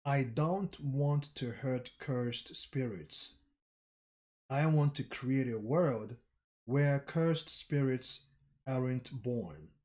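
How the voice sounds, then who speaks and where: A serious, earnest young male sorcerer, as a man reads him aloud. His lines come slow and even at a middle pitch, measured rather than dramatic. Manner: slow, plain reading with little voice change.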